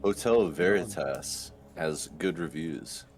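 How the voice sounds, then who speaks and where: Super deep voiced guy, offhand, joking around at the table. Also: slow, faint music behind. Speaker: player. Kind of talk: casual chat.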